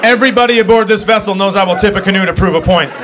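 A man's voice: high-pitched, racing, a crowd in the background. A man in his thirties doing a stand-up comedy set, telling exasperated stories about family life on stage. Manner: exasperated, animated storytelling with voiced quotes. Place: stage before a laughing audience. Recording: live club recording with clear ambient noise.

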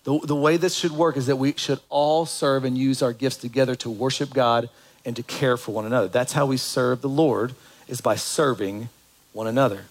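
A man's voice: mid-range voice, fairly even intonation, moderate pace, rough recording. A man preaching a sermon as pastor, in a conversational way that asks the congregation questions.

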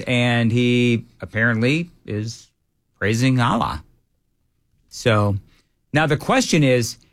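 A man's voice: medium pitch, dry recording. A man co-hosts a talk show, giving frank opinions in casual chat. He often stammers and restarts his sentences. The sound is dry and close. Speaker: radio show co-host.

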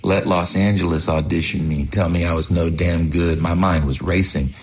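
A man's voice: sits low, fairly even intonation, normal speed, slightly rough, rough recording. A man from North Carolina, telling his story as rhythmic, declaiming spoken word.

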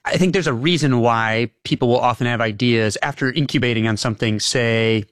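A man's voice: mid-range voice, a little fast, fairly bright tone, no room sound, studio quality. A man being interviewed as the author of a book, who explains his ideas earnestly and breaks into laughs between points. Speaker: author and guest.

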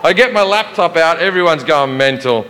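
An Australian man doing stand-up, telling a story with plenty of swearing and quick impressions of the people in it. His voice is bright and sits a little high. The room gives it a long reverb tail. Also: slight background noise. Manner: profane, animated, acts out quoted characters. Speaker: stand-up comedian. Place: comedy stage.

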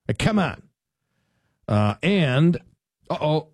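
A man's voice: fairly high pitch, animated, moderate pace, darkish tone, no echo. A man hosting a talk radio show in casual, rambling chat, sarcastic and full of restarts and self-corrections.

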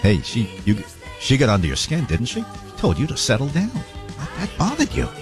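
Guy hosting talk radio, teasing and sing-songy, pitch swooping all over, faint music under him. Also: huge pitch swings, moderate pace. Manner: teasing, sing-song mimicry. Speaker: radio talk show host. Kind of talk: casual radio banter, reading listener texts.

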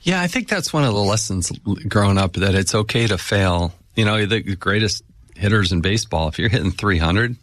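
A man's voice: lowish voice, animated, brisk, a bit bright, no room sound. A man hosting a casual conversation, asking short questions and reflecting on what he hears.

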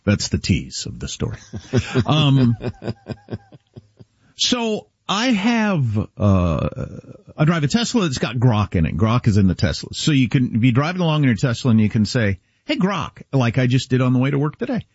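A man from Kansas tells a story on a talk show, acting out the dialogue he quotes. His voice is husky and climbs and drops widely. The recording sounds dry and a little dull. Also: medium pitch, normal speed, dry recording. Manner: animated, storytelling, quoting dialogue. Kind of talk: casual storytelling chat.

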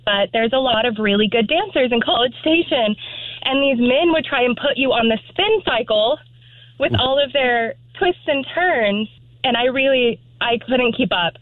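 A woman's voice: fairly high pitch, dry recording. A young woman from Texas, calling in to a radio show and telling a story in a chatty, laughing way. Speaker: caller. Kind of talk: phone call to a radio show. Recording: tinny phone line.

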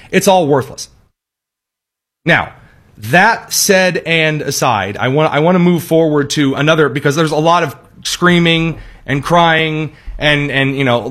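With a fairly bright tone, the host of a political commentary program mocks his targets in a sarcastic monologue, now and then switching into high parody voices.

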